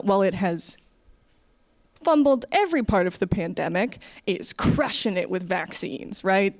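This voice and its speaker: A young American woman doing a stand-up set to a camera, chatty and self-deprecating, laughing between jokes. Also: medium pitch. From United States. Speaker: stand-up comedian. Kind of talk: online stand-up comedy set. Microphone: camera, sometimes leaning in too close.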